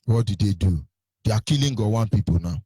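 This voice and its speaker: A husky man delivers impassioned political commentary. He repeats his rhetorical questions again and again. The recording is dry and close, with no room sound. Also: fairly low pitch, animated, a little fast, warm tone, no echo. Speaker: radio commentator.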